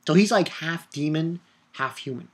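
A man giving a casual video review of an anime episode, excitable and rambling, swearing and shouting out his own reactions. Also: fairly high pitch, moderate pace, husky. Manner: rambling with restarts and filler.

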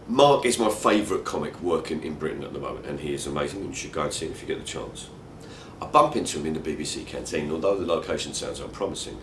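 Man, comedian reading his book, dry delivery, distant mic, faint rumble behind. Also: fairly bright tone, roomy sound.

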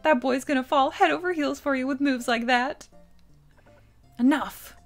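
A woman's voice: high voice, normal speed, faint music behind, voice pushed up. Woman putting on doting scheming old ladies. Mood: teasing. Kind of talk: reading game dialogue aloud.

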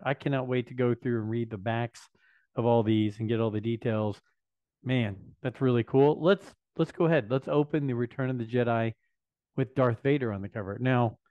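A man in his fifties talks through an unboxing in an eager, chatty way, musing aloud between items. His voice sits in an ordinary middle pitch. The recording is dry and a little dull, like a modest home setup. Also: dry recording. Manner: enthusiastic, chatty fan talk with thinking-aloud asides. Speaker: vlog host. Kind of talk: casual unboxing chat. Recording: dry, slightly dull lo-fi sound.

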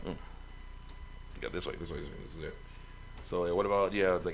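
Gravelly-voiced man chatting over a game. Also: deep voice, fast talker, slight background noise. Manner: chatty, rambling, laughs often. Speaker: let's play host. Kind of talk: casual game commentary.

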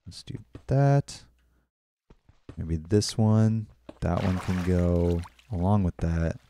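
A man's voice: low voice, takes it slowly, mellow. A young man streaming a game, chatting casually with viewers and often apologizing. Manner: chatty, apologetic, reads chat aloud. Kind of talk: casual live-stream chat while building.

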